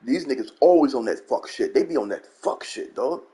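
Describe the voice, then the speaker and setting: A man's voice: mid-range voice, animated, fairly quick, dark tone, breathy edge. A man hosting his gaming channel, ranting bluntly and profanely in a commentary monologue and repeating his catchphrases. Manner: blunt, profane, repeats "you know what I'm saying".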